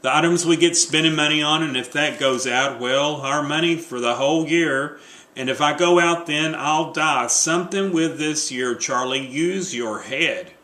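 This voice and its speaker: A man's voice: a little high, normal speed, bright, forceful tone. A man reading the part of a bossy, superstitious wife in a play, scolding and insistent, in an echoey room. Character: bossy superstitious wife fussing over New Year rules.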